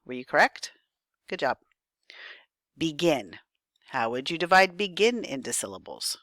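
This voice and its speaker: A woman's voice: low-pitched, very animated, brisk, fairly bright tone, no echo, studio quality. A woman teacher giving a recorded spelling lesson, thinking aloud patiently and checking in with her students.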